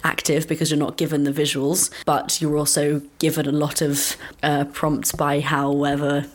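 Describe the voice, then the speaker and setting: A woman's voice: low voice, completely flat delivery, moderate pace. An English woman with a Received Pronunciation accent, talking through her ideas in a casual interview, chatty and thoughtful, often restarting her sentences. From England. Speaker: voice actor guest.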